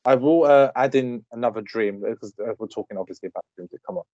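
A man in his thirties telling a story on a casual podcast, animated and swearing freely. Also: medium pitch, fast, dry recording, lo-fi sound. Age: 30s. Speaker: podcast co-host. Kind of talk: casual chat.

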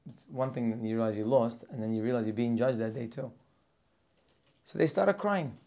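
A man's voice: mid-range voice, flat delivery, fast. A man teaching a Torah class for Rosh Hashanah, reading Hebrew verses and translating them line by line. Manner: reads Hebrew verses and translates each, rising and louder as he goes.

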